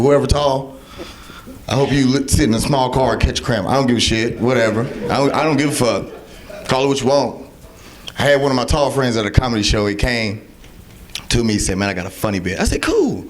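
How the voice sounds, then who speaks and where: A young man performing a loud, profane stand-up set with crowd work on a club stage. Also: mid-range voice. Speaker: stand-up comedian. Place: comedy club stage with audience. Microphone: handheld stage mic. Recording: live club, audience laughing. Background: audience laughter.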